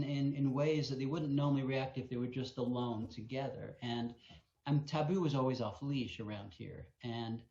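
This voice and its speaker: A man at mid pitch recounts a story in a Q&A, animated and acting out the noises as he goes. His voice carries an echoey ring and a slightly muffled, dull tone. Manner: animated storyteller, acts out sounds. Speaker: wolf sanctuary co-founder. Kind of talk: storytelling in a live Q&A.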